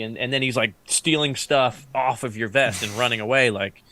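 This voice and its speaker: Bright-voiced veteran man telling war stories. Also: mid-range voice, moderate pace, hardly any pauses. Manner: rambling, laughs often, acts out quotes. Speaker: Iraq War veteran guest. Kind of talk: casual podcast storytelling.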